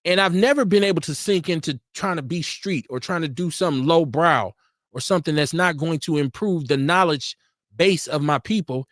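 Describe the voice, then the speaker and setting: A man's voice: a little high, moderate pace, no room sound, studio quality. A man hosting a call-in radio stream, talking bluntly and arguing with callers and guests. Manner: blunt, argumentative, profane. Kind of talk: casual talk radio.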